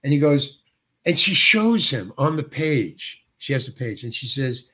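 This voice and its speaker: An older male actor, a guest, telling a long anecdote and acting out the other people's dialogue with lively shifts of voice. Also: medium pitch, unhurried. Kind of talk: storytelling anecdote.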